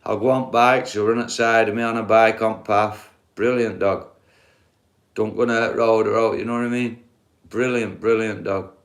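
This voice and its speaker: Bloke rambling on his live stream, swears a lot, lowish voice, middle-aged. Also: level tone, normal speed. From England. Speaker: livestreamer. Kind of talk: casual live stream chat.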